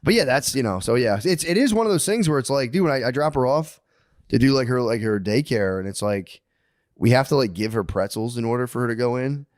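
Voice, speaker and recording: A man's voice: mid-range voice, lively intonation, a little fast, no echo, clean studio sound. A man in his thirties co-hosting a comedy podcast, telling rambling, profane stories in casual chat. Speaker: podcast co-host.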